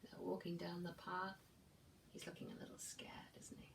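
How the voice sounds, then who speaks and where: A woman preschool teacher reading a picture book aloud and gently asking the children questions about it. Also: lowish voice, completely flat delivery, normal speed, gravelly, whispered, distant mic.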